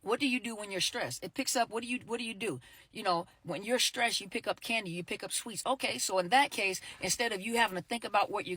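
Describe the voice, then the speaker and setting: Middle-aged woman therapist just talking to camera, lots of you knows and restarts, mid pitch, dry no-room sound. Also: a bit bright, breathy edge, no room sound. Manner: conversational, repeats herself, many "you know" fillers, acts out quick quoted exchanges. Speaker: therapist and coach. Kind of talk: casual direct-to-camera talk.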